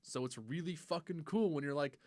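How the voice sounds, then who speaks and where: A young man co-hosting a casual gaming podcast, animated and swearing often, acting out game moments in loud voices. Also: on the high side, brisk, no room sound, studio quality. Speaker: podcast co-host.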